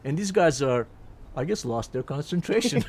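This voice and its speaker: A man around eighty from Turkey, telling lively stories from his career as a jazz pianist and voicing the people he quotes. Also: fairly high pitch. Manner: lively anecdotes, quotes people in put-on voices, frequent restarts. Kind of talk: reminiscing storytelling.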